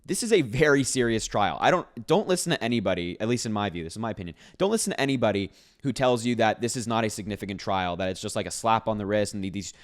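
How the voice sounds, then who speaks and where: A young man talks straight to his viewers in an emphatic, chatty commentary style. His voice sits on the low side, and he repeats himself and fills pauses with ums as he makes his points. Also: animated. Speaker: political commentary vlogger. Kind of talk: casual commentary to camera.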